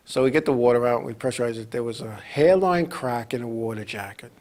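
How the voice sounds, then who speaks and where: A man at a middle pitch tells a long racing story as host of his show. He rambles, restarts sentences and keeps his delivery animated and casual. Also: fairly quick, hardly any pauses.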